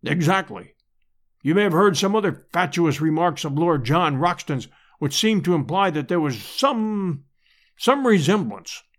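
A man's voice: on the high side, expressive, unhurried. A man reading an audiobook and voicing a pompous, vain elderly professor who speaks in lofty formal phrases. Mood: indignant.

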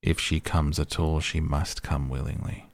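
A man voicing an angry male beast in a bedtime story, speaking slowly, hushed and stern. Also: very deep voice, flat delivery, vocal fry.

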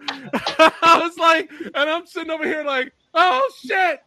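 High, bright, excitable male podcast host. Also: measured pace. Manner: animated, profane, excitable. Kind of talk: excited casual storytelling.

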